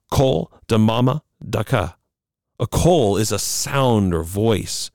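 A man teaching a Bible study lesson, measured and emphatic, slowing down on key words. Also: medium pitch, darkish tone, dry recording, clean studio sound.

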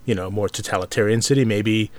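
A man talking casually about tabletop games as a podcast co-host, halting often with fillers and restarts. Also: lowish voice. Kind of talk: casual discussion.

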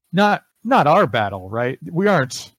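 A man with a lively, up-and-down voice plays a tabletop game. He fires off questions and stumbles over his own starts. The sound is dry and close. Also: on the high side, takes it slowly, breathy edge, no echo. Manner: animated, questioning, stumbles into restarts. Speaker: player.

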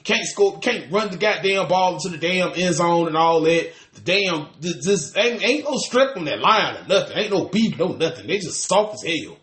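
A man's voice: sits high, expressive, moderate pace, hardly any pauses, fairly bright tone, roomy sound. A man, co-hosting a podcast in casual chat, ranting animatedly and cursing with lots of restarts. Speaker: podcast co-host.

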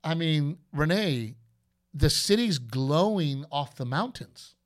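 A man's voice: on the high side, expressive, slow pace. A middle-aged man hosting a casual chat, telling stories animatedly, acting out quotes and swearing freely. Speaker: host.

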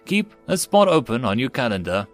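A man's voice: mid-range voice, sing-song, a little fast, faint music behind, natural voice. A man doing a wry, exasperated human woman.

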